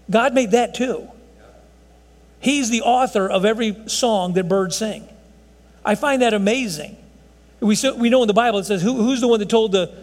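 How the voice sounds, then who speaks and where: A man's voice: high voice, long reverb tail. A man in his sixties preaching a folksy sermon to his congregation, often saying "folks". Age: 60s. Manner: folksy, repeats "folks, I'm telling you". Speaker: pastor.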